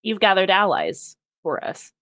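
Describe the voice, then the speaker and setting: A woman's voice: mid-range voice, big pitch swings, a little slow, vocal fry, a bit bright, dry recording, exaggerated voice. A woman doing a friendly adventurer.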